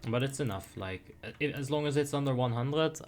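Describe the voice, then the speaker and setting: A man's voice: mid-range voice, a little fast, a little hiss or hum. A young man giving casual commentary while playing a game, chatty and self-deprecating, muttering asides to himself. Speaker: streamer.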